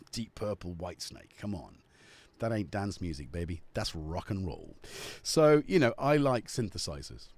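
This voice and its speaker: A man's voice: deep voice, very animated, normal speed. A man hosting a casual live stream, joking and rambling off topic at a studio mic. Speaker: livestream host. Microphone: studio dynamic mic.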